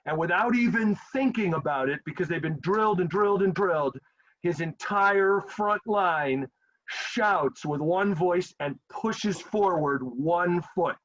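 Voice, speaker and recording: A man teaching history, telling the story casually and acting out quotes with lively, animated delivery. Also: high voice, a little slow. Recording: dull lo-fi sound.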